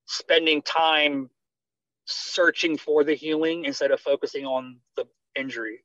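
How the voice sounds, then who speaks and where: This American man, once an army medic, recounts his experiences in a relaxed interview, his voice a little high and his pace a little slow. He brings recalled conversations to life by performing them. The audio is dry and slightly dull.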